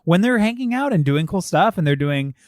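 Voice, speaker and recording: Animated man on a podcast, dry sound. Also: high-pitched, brisk, no room sound. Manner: animated, swearing, acts out film lines. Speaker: podcast co-host. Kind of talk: casual film discussion.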